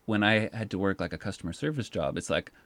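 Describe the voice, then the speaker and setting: A man with a lowish voice tells a long anecdote in an easy, chatty way. His speech is full of "like" and quick restarts, and the sound is dry and close with no room in it. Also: no room sound. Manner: animated, says "like" often. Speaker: park poet, guest. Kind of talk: casual storytelling.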